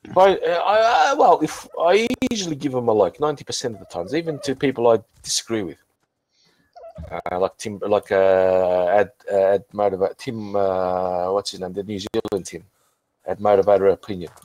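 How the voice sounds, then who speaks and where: A man's voice: lowish voice, animated, moderate pace, a little mellow, no echo, low-quality recording. A drunk man chatting casually as host, rambling with many restarts and swearing. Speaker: channel host. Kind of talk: casual chat on a group voice call.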